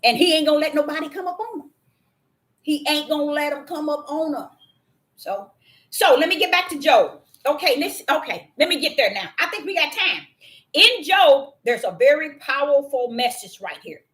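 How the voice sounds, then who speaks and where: An older woman hosting a casual talk, telling a story in an animated, emphatic way and speaking directly to her listeners. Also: high voice, moderate pace. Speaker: host.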